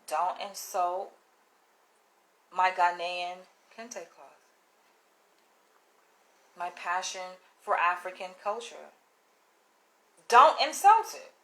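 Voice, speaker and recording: A woman's voice: on the high side, rough recording. A woman vlogger ranting bluntly and with exasperation to her audience, swearing as she reads emails aloud. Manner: exasperated, blunt and animated, with profanity. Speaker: YouTuber. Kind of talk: casual vlog rant.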